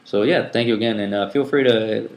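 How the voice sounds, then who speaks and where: Male podcast host, lowish voice, rambling and filler-heavy, roomy echo. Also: fast talker, gravelly. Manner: rambling, many ums and restarts, laughs easily. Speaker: public access TV coordinator and podcast host. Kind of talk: casual podcast chat. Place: room at a community TV station.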